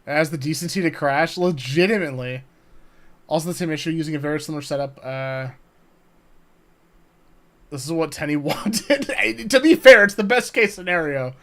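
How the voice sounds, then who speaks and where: A young man chatting live on a game stream, excitable and swearing, laughing often and talking to his chat. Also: a little high, normal speed, long pauses.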